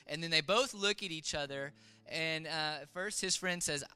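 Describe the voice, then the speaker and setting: A man preaching, retelling a story with halting restarts and fillers, as in a sermon. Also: a little high, pushed and bright, clean tone, soft background music. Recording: long reverb of a large hall.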